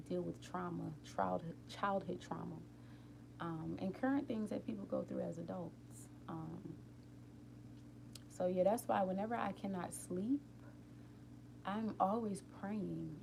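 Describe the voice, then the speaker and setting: A woman hosting a casual live stream from home late at night, rambling warmly and talking straight to her viewers about healing and feelings. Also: on the low side, gravelly, background noise. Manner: openly emotional, tearful at times. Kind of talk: casual inspirational chat.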